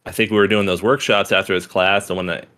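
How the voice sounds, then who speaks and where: Rambling, swearing man with a low voice. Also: little pitch movement, fast talker, sharp tone. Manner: rambling, profane, laughs often, many restarts. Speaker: podcast co-host. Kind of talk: casual conversation about poetry.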